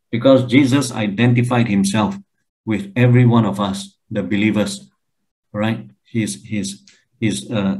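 Slow-talking emphatic man giving a Bible lecture. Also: rough recording. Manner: emphatic, animated, with pitch jumps and repeated questions to the audience.

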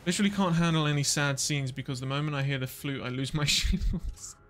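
A man streaming a video game, rambling and quick to laugh and exclaim as he plays. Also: fairly high pitch, steady tone, fairly bright tone. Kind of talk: casual live gameplay commentary.

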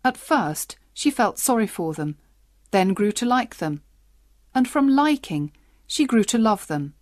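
Steady woman storybook narrator. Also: mid-range voice, unhurried, no room sound, clean studio sound. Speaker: audiobook narrator. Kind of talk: graded-reader narration for learners.

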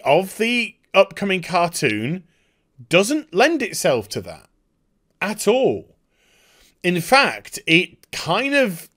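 A man's voice: fairly high pitch, fairly bright tone. Sarcastic man ranting. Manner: sarcastic, exasperated, swears. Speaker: YouTube commentator. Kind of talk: ranting commentary.

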